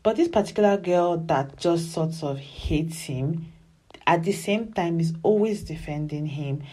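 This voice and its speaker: A woman giving casual, animated commentary as she reviews a television drama. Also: low-pitched, a little slow. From Nigeria. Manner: animated and emphatic, often acts out dialogue.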